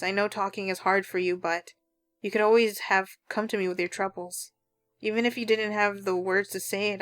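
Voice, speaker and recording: A woman reads a visual novel's narration aloud, earnest and heartfelt. Her voice is mid-pitched and plain. Quiet game music runs faintly behind her. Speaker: let's play narrator.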